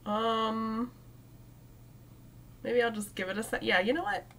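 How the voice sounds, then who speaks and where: A woman's voice: a little high, animated, measured pace, gravelly, a bit bright, a little hiss or hum. A young woman streaming a cozy game, chatting casually and talking to the plants as she plays, with frequent giggles. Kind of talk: casual let's-play commentary.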